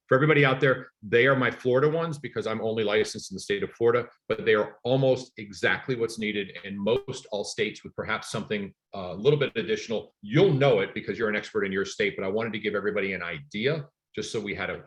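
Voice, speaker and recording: A man teaching a live online real estate sales class in an energetic, emphatic storytelling manner. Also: medium pitch.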